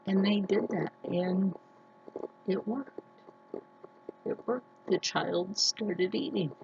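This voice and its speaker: A woman vlogger talking earnestly to her viewers, telling personal stories slowly with many restarts. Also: mid-range voice, gravelly, dull audio, background noise. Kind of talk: casual personal talk to camera.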